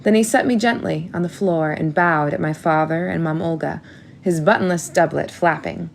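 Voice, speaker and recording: A woman narrating a first-person audiobook in a measured storytelling manner. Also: low voice, gravelly, a little hiss or hum.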